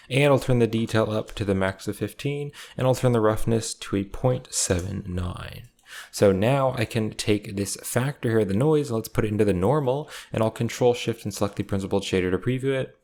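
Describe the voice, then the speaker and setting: A man narrating a step-by-step software tutorial in a calm, methodical way, explaining each click as he goes. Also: on the low side.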